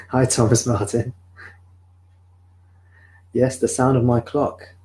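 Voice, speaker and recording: A man, a spiritual teacher, speaking calmly and reflectively at a live-streamed home satsang into a sensitive desk microphone. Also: medium pitch, rough recording. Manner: calm, reflective, answers viewer questions slowly. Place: home room.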